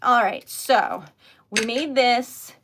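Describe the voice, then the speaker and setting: A woman's voice: on the high side, slow, heavy background noise. A young adult woman chatting casually on a craft livestream, giggly and talkative, often saying "y'all".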